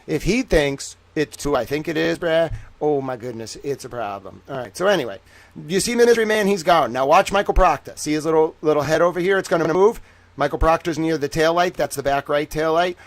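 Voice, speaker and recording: A man's voice: fairly high pitch, animated, brisk, dry recording. A man hosting a casual livestream, speaking in a put-on Southern drawl, playful, teasing and boastful. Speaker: livestream host.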